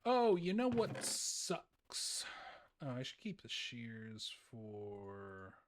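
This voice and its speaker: A young man chatting loosely while he plays, drawling at an unhurried pace. He rambles, restarts his words and breaks into laughter often. His voice sits at an ordinary middle pitch. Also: huge pitch swings. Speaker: streamer. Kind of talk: casual gaming commentary.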